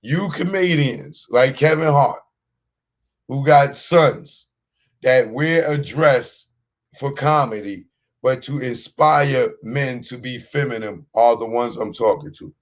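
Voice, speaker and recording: A man's voice: medium pitch, slow. Man ranting blunt and emphatic, streetwise host talk, mid voice. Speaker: podcast host. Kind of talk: ranting commentary on a clip.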